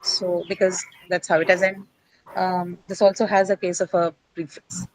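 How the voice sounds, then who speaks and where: A woman's voice: lowish voice, little pitch movement, normal speed, poor audio. A woman teaching English word stress to a class. She explains step by step, often says "uh", and asks her students questions.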